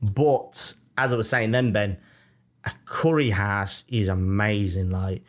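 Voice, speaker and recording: A man's voice: fairly low pitch, slow pace. Jokey man with a Brummie accent. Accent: Birmingham. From Birmingham, England. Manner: animated, jokey storytelling with mock-defiant asides. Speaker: podcast co-host. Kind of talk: casual chat.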